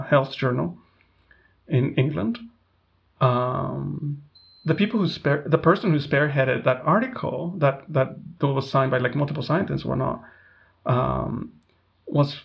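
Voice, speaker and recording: A man's voice: medium pitch, vocal fry, lo-fi sound. A man co-hosting a podcast in casual chat, rambling with many fillers and restarts. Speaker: podcast co-host.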